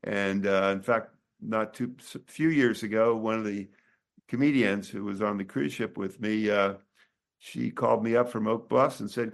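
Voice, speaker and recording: Older man, lowish voice, chatty and halting, a doctor telling stories about his book. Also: fairly even intonation, gravelly. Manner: rambling, halting, many restarts. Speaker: author and doctor. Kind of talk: casual interview chat.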